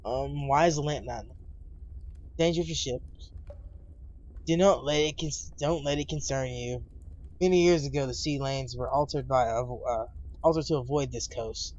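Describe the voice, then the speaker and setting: A man voicing a weary, guarded, blind old lighthouse keeper who tells his story in a halting, solemn way, recorded on dull lo-fi stream audio. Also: mid-range voice, darkish tone, close to an everyday voice.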